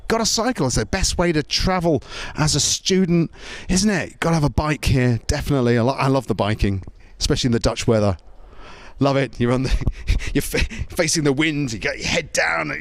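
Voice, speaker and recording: A male stand-up comedian with a very lively, bouncing pitch, working the crowd with tag questions and stammered restarts. His voice sounds dry and close, with little room to it. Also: fairly quick, no echo.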